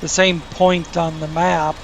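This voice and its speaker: Speaking slowly in a fairly high, flat voice, a gaming channel host rambles as he comments on gameplay. Self-corrections and crude asides pepper his talk, with game vehicle engine noise beneath.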